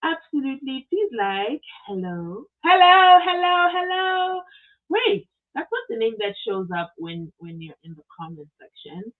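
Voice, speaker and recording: A woman from South Africa hosting a live stream, chatting casually and reading viewer comments aloud with lively exclamations. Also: mid-range voice, moderate pace, few pauses. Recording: tinny phone-like audio.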